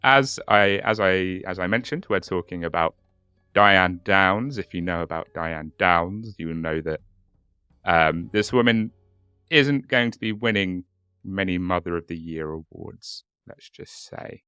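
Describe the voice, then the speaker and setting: A man's voice: low-pitched, a little slow, sharp tone, clean tone, dry recording, studio quality, faint music behind. A young man co-hosting a casual podcast, swearing and repeating words as he narrates a case. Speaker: podcast co-host.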